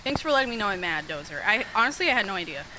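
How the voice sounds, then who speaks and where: A woman streaming a horror game, chatting casually with viewers, sassy and swearing freely, with sudden excited yelps. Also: medium pitch, racing, noisy background. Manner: bursts into excited yelps during scares. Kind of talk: casual live-stream chat over gameplay.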